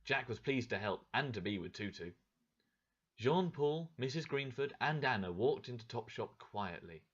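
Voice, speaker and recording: A man narrating a story for English learners with a clear, expressive reading. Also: medium pitch, normal speed, dull audio.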